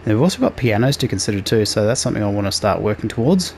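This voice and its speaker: A man hosting a casual let's play, relaxed and talking through each task as he plays. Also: on the low side, racing, slight background noise. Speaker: gaming channel host.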